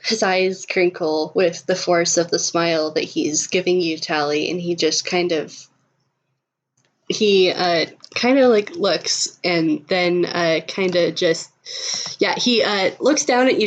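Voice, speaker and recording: A woman's voice: lowish voice, measured pace. A woman narrating her character in a casual tabletop roleplay, hesitant and full of fillers. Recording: dull lo-fi recording.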